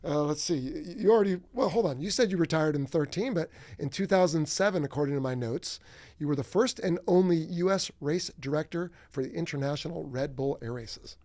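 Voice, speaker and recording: Male podcast host, fast and casual, questions full of restarts. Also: a little high, a little mellow. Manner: fast, chatty, hesitant questions. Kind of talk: casual interview.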